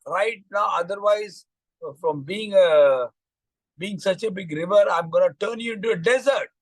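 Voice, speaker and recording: A man's voice: high-pitched, normal speed, dry recording. A man with an Indian English accent voicing a fierce, determined mother bird who issues stern warnings. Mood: stern, demanding. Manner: stern warning tone, repeats threats.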